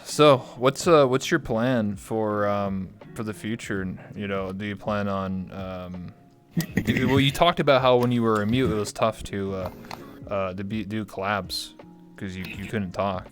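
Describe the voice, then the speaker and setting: A man's voice: lowish voice, unhurried, soft background music. Joking male livestream interview host. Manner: joking, playful trash talk with swearing.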